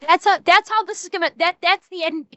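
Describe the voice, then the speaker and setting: A woman with a high, bright, sharp voice rants on stream about politics. She swears freely, trips over restarts and turns mocking. The sound is close and dry. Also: a little fast, no echo, lo-fi sound. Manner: profane, heated, stumbling restarts, mocking. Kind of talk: angry political rant.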